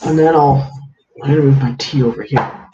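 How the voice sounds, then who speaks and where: Over music, a man with a medium-pitched, fairly even voice chats casually on a home livestream at normal speed, greeting viewers by name while working at a counter. The room echoes, and the sound is dull and lo-fi with a faint hiss.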